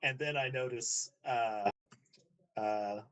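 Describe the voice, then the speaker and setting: Un hombre que juega una partida de rol de mesa y describe con calma y tono casual lo que hace su personaje, con muletillas frecuentes. Su voz tiene un tono medio y natural. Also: male voice, mid-range voice, takes it slowly, poor audio. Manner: casual, fillers. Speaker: player. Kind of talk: describing his character's actions.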